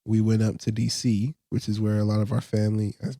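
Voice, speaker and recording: A man's voice: fairly low pitch, monotone, brisk, warm tone, no room sound. A man co-hosting a podcast, telling a story in casual chat with laid-back dry humor and slang. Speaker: podcast co-host.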